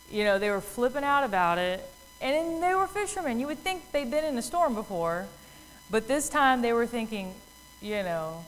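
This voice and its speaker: A woman telling a Bible story in a casual, chatty way. Her voice sits fairly high, and she drops in fillers and acts out the people in the story. There is a faint hum and a long reverb around her. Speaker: Bible teacher.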